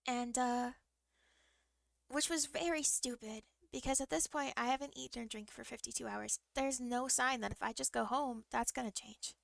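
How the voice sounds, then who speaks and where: A young woman streamer telling a long story in a rambling, halting way, often restarting her sentences. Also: sits high, creaky, fairly bright tone, no room sound. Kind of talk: casual storytelling to a live stream.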